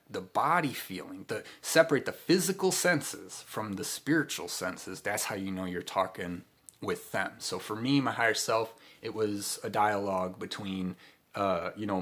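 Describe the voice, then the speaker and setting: A man's voice: lowish voice, fairly bright tone. A man giving a casual spiritual talk, rambling with many fillers and restarts. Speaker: spiritual teacher.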